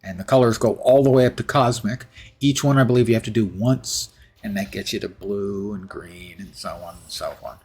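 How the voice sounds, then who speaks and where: A man's voice: lowish voice, steady tone, moderate pace, a little mellow, slightly rough. A man live-streaming a game, chatting in a rambling, self-deprecating way. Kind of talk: live gameplay commentary.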